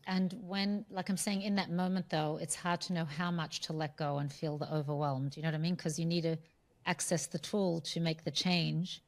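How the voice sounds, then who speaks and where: Co-host, woman, low pitch, soft and tentative. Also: fairly even intonation, moderate pace. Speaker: podcast co-host. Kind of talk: conversational interview.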